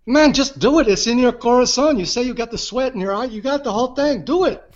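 A man's voice: very high-pitched, fast talker, muffled recording, pitched above the performer's own voice. A man quoting an insistent middle-aged Spanish male tango dancer in his own voice. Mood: urging. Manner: insistent, urging.

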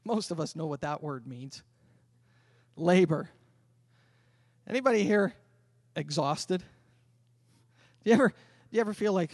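A man preaching a sermon as pastor, swinging from loud emphatic calls to quiet conversational asides. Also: a little high, animated, moderate pace, long pauses, no room sound, studio quality. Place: church sanctuary.

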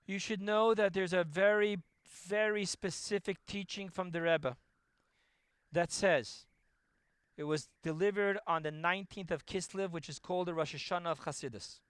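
A middle-aged rabbi delivers a Torah lecture in a high, bright, forceful voice. He tells stories animatedly, jumping from loud emphasis down to hushed asides. The recording is dry and close. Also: fairly even intonation, normal speed, clear, resonant tone, no room sound.

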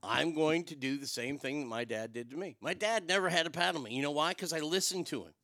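A middle-aged man telling a long personal story in a profane, wisecracking way, with quick asides and voices for the people in it. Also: on the high side, sharp tone, no room sound, clean studio sound. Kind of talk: casual storytelling monologue.

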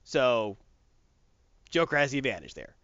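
A man co-hosting a casual podcast chat, telling a comic story in an animated way and acting out the quotes. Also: medium pitch, moderate pace, no echo, lo-fi sound. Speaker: podcast co-host recapping comics.

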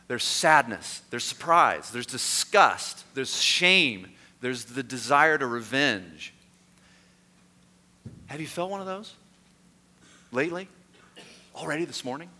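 A man preaching a sermon as a pastor, in a conversational storytelling manner that turns lively and self-mocking. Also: medium pitch. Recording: echoey hall.

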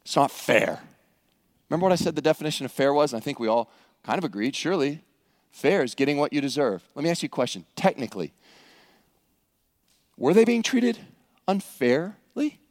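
A man's voice: fairly high pitch, big pitch swings, normal speed, pauses often, a little mellow, long reverb tail. A man preaching a sermon, acting out scenes with humor. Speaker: pastor.

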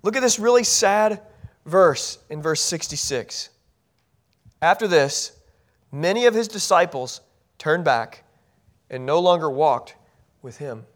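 Earnest high-voiced male pastor preaching. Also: animated, takes it slowly, long pauses. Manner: earnest, repeats phrases and restarts sentences. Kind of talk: sermon.

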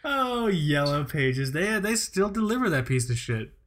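A man's voice: on the high side, big pitch swings, a little slow, fairly bright tone. Ranting, profane podcast man. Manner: profane, ranting, exasperated, laughs often. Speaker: podcast co-host. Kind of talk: casual podcast chat.

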